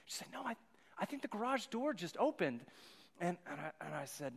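A man's voice: high voice, big pitch swings, a little fast, creaky, breathy edge. A man in his thirties, a pastor giving a sermon with a rambling personal story, often repeating his words. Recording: long hall reverb.

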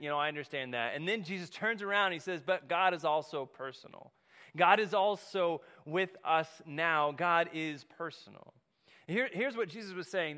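A man's voice: on the high side, pushed and bright. Man preaching in an echoing hall. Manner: conversational, repeats key phrases, pauses often. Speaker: pastor. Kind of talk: sermon. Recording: long reverb of a large hall.

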